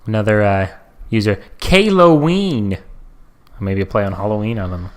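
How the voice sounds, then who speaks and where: A man's voice: on the low side, lively intonation, unhurried, long pauses. A young man co-hosting a casual podcast, sarcastically reading tweets aloud and joking with his co-host. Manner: sarcastic, reads tweets aloud in mocking tones.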